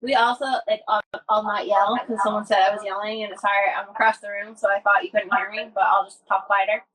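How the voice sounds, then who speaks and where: A woman's voice: mid-range voice, level tone, fast talker, a bit bright, husky, poor audio. A woman chatting casually from across the room, rambling and correcting herself as she goes.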